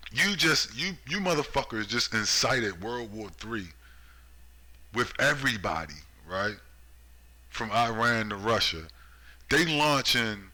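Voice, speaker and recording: A man's voice: medium pitch, sharp tone. Sarcastic profane man ranting. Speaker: political commentator. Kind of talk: ranting monologue.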